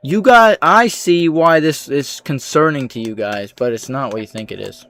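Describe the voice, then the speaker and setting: A man livestreaming, reading out chat comments with dry, sarcastic replies and low-key asides. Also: normal speed, fairly bright tone.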